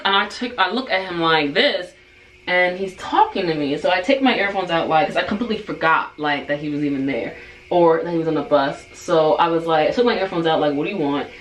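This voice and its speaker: A woman's voice: lowish voice, fairly bright tone. A young woman vlogger casually telling a story while doing her hair, rambling and peppering her talk with "like". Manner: chatty, rambling, full of "like". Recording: roomy room with faint noise.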